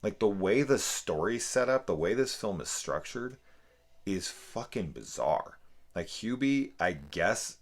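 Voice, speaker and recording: A man's voice: on the low side, big pitch swings, a little slow. A man reviewing a film in a casual, profane, exasperated rant. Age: adult parent. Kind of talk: casual spoken movie review.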